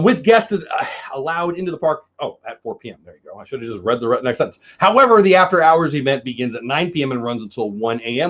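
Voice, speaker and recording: A middle-aged man hosts a casual news chat show, mixing self-mocking jokes with articles he reads aloud. His voice sits a touch high and swings widely in pitch. The sound is slightly dull and lo-fi. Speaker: host.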